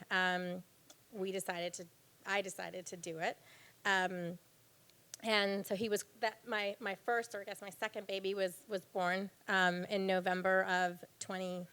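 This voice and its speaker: Candid woman with a smooth, clear voice. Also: medium pitch, a bit bright. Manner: candid and earnest, with many fillers. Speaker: speaker at a live storytelling event on failure. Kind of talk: personal talk to an audience. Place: event stage before an audience.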